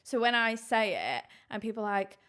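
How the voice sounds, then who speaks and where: A woman's voice: on the high side, very animated, moderate pace, a bit bright, clean tone. A young woman hosting a podcast, chatting in an effusive, affectionate way and laughing easily. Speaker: podcast host. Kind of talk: casual podcast chat.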